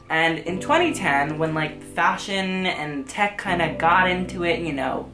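A woman giving frank, profane, sarcastic commentary in a casual vlog. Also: lowish voice. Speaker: fashion vlogger. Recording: echoey room with background music.

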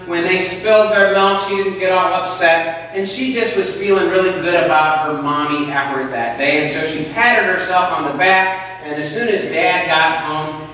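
Male pastor telling a story in his sermon, kinda high bright voice, long church reverb, mic far off. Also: a little hiss or hum. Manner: storytelling, asks the congregation questions. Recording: echoey church hall, distant mic.

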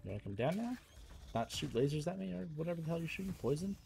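A young man streaming a game live, exasperated and swearing as he reacts loudly to each attack. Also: on the high side, sing-song, fast, gravelly. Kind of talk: live gameplay commentary.

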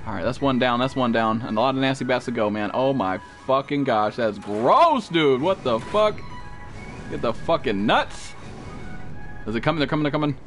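A young man streaming a survival game live, excitable and profane, yelping and shouting at enemies as he plays. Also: medium pitch, normal speed. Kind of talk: live gaming commentary. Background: game music.

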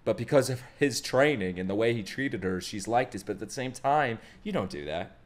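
A man giving casual reaction commentary as an anime reaction streamer, excitable and swearing freely. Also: mid-range voice, a little fast.

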